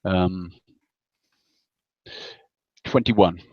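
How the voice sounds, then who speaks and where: A man playing a tabletop game, slowly and haltingly narrating his character's moves. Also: sits low, steady tone, no room sound. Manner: slow, halting narration with ums. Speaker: player. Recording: dull, dry lo-fi mic.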